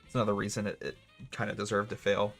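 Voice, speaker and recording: A man's voice: fairly low pitch, completely flat delivery, quick pace, faint music behind. A young man streaming a video game live, rambling and joking sarcastically with his chat. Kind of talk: gaming livestream chat.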